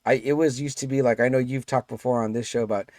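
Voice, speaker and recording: A man's voice: medium pitch, fairly even intonation, fast talker, darkish tone, dry recording. Male, forties, podcast guest; rambling casual chat, dry close sound. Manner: rambling, many fillers and restarts.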